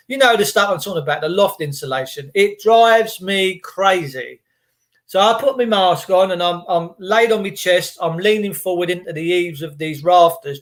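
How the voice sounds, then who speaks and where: High-voiced man, rambling and jokey. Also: fairly bright tone. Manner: rambling, jokey asides and cheeky banter. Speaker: vlogger. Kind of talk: rambling monologue to camera.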